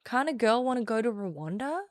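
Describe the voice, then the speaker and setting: A woman's voice: a little high, sing-song, fairly quick, no room sound, studio quality. A young woman streaming, chatting casually in a playful, self-mocking way. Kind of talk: casual live-stream chat.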